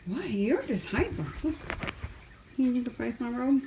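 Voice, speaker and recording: A woman's voice: fairly high pitch, very animated, measured pace, noisy background. A woman chatting casually as she films kittens in a foster room, often cooing and baby-talking to them. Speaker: cat fosterer filming a vlog. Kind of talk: casual vlog chat. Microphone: handheld camera.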